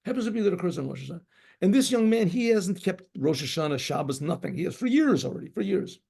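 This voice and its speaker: A rabbi spins a story aloud in a loose, conversational way, circling back and imitating the sounds he describes. His voice is gravelly with a mellow, darker tone, pitched a bit above the usual for a man. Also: big pitch swings, fast. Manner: rambling, conversational, acts out shofar blasts. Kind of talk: spoken storytelling.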